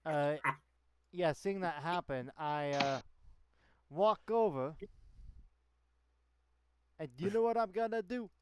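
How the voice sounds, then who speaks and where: A man's voice: fairly high pitch, slow, pauses often, slight background noise. A man playing a tabletop game who talks hesitantly with lots of fillers and tosses in playful sound effects. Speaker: player. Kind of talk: casual tabletop play.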